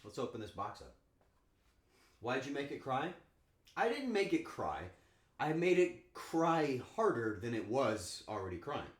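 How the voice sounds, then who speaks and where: Here a man with a medium-pitched voice and a measured pace chats casually with his cooking-stream viewers in his home kitchen. Playful and joking with chat, he has animated outbursts, and the room sounds echoey with faint ambience.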